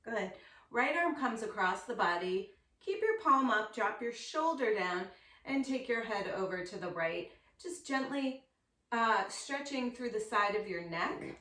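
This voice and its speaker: A woman teaching a yoga class, calmly and slowly cueing poses and breaths. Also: a little high, recorded from a distance. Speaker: yoga instructor. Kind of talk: guided yoga class instruction. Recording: echoey room, voice set back from the mic.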